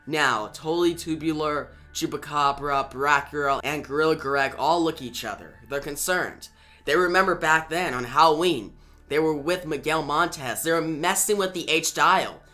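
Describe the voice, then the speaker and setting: A man with a bright, forceful voice retells a comic book story in a casual, chatty way. His voice sits a touch high for a man, and soft music plays underneath.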